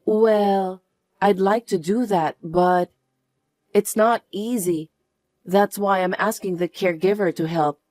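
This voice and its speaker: A woman's voice: medium pitch, fairly even intonation, slow, a little mellow, no echo, close to an everyday voice. A woman voicing a plaintive old mother-in-law. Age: older. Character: elderly mother-in-law needing care, meek, then suspicious. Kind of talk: narrated family drama dialogue.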